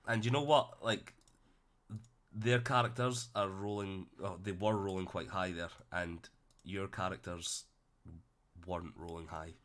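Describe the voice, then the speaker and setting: A man narrating as game master of a tabletop game, relaxed and sweary, with plenty of fillers. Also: deep voice, measured pace.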